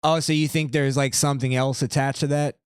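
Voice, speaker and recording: A man's voice: medium pitch, flat delivery, a little fast, clear, resonant tone, no echo, clean studio sound. A man hosting a podcast, chatting loosely and rambling while reading items aloud. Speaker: podcast host. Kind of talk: casual podcast chat.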